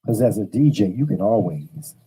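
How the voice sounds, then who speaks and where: A man's voice: on the low side, animated, normal speed, mellow, slightly rough, low-quality recording. A man in his fifties hosting a livestream from home, talking casually with a drawling, chatty manner and greeting viewers by name. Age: 50s. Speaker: livestream host. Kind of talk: casual chat to a live audience.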